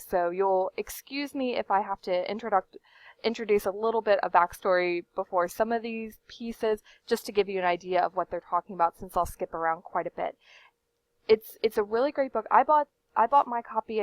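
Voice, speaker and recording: A woman's voice: mid-range voice, dry recording. Chatty woman hosting a book vlog. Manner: chatty, rambling, frequent fillers and restarts; laughs now and then while talking. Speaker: book channel host. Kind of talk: casual book commentary to camera.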